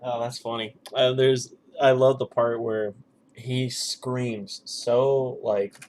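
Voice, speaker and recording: A young man chatting casually with a friend, relaxed and laughing easily, often trailing off quietly. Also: slow pace, a little hiss or hum. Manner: laid-back, trails off into low mumbles. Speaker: host. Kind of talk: casual chat.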